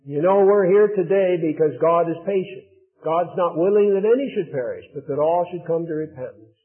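A high-voiced man preaches a sermon, explaining scripture earnestly and pressing his points with rising emphasis. The audio is thin and tinny, like a phone line.

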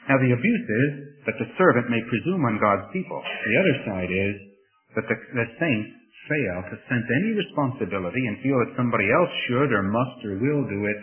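A man preaching a sermon to his congregation, earnest and lifting his voice to stress scripture. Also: medium pitch. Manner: earnest, rising emphasis on scripture quotes. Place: church. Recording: tinny phone-like sermon recording.

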